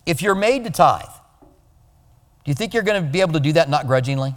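A male pastor giving a conversational sermon, animated and now and then mimicking other people's voices. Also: on the high side, quick pace, long reverb tail.

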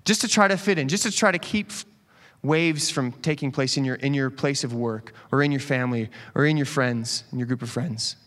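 A man preaching a casual, conversational sermon as a pastor, animated and quick to joke with the congregation. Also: mid-range voice. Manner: animated, joking asides to the congregation. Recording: long hall reverb.

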